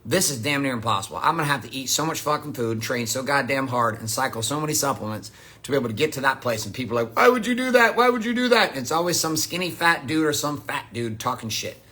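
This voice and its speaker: Blunt, bright-voiced male motivational speaker. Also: medium pitch, fast talker, breathy edge. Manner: blunt, profane, emphatic. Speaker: motivational coach. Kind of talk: motivational monologue.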